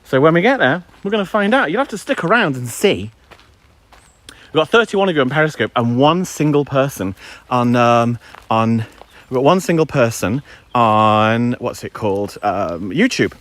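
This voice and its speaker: A man chats casually as he walks his dog in the woods, streaming it live on a handheld phone, ranting a bit and dropping some playful crude language. His voice is medium-pitched, expressive and a bit bright, at normal speed.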